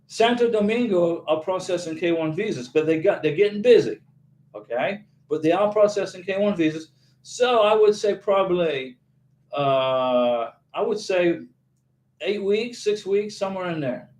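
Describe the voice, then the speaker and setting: A man's voice: high-pitched, lively intonation, normal speed, darkish tone. A man hosting a casual livestream, reading viewer questions aloud and answering them in an emphatic, encouraging way. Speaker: YouTube channel host answering viewer questions. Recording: echoey room.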